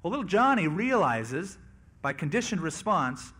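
A man preaches a sermon, talking through scripture in a casual, conversational way. His voice sits a little higher than most men's, and he slips into quoted voices now and then. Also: big pitch swings, normal speed, a bit bright, husky. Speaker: pastor.

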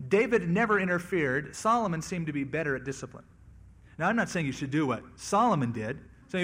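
A man preaches a sermon, talking through scripture in a casual, conversational way. His voice sits a little higher than most men's, and he slips into quoted voices now and then. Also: expressive, a little fast, fairly bright tone. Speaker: pastor.

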